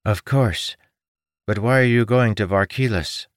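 Man voicing a brisk young woman warrior. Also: fairly low pitch, dry recording, clean studio sound, voice pushed up, close to an everyday voice. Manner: brisk, direct commands.

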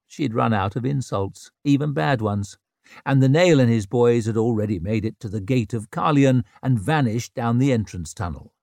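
A man's voice: mid-range voice, normal speed, gravelly, a little mellow, no echo, clean studio sound. A man narrating an audiobook expressively, voicing every character. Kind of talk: scripted narration.

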